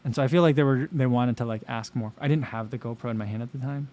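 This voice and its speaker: A man's voice: medium pitch, fast, a little mellow. A man in his thirties hosting a casual livestream, chatting in a rambling way and reading viewer comments aloud. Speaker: livestream host.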